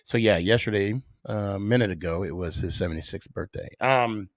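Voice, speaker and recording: Middle-aged male podcast host; lower voice, dramatic pauses, dry close mic. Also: no echo. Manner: animated storyteller with dramatic pauses. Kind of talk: casual solo podcast storytelling.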